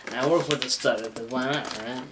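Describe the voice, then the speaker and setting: A man's voice: medium pitch, steady tone, fairly quick, background noise. A man hosting his own talk show, rambling through a loose monologue with swearing, laughs and a slight stutter. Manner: rambling, laid-back, swears and laughs often; says he has a stutter.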